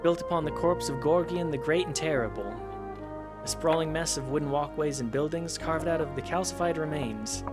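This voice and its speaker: Man, game master, tabletop narration, a bit high voiced, crude jokes, music underneath. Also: moderate pace.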